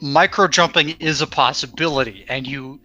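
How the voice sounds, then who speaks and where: A man's voice: fairly high pitch, normal speed, bright, forceful tone, dull audio, faint music behind. A man hosting a casual panel chat online, rambling with many fillers and restarts. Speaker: podcast host.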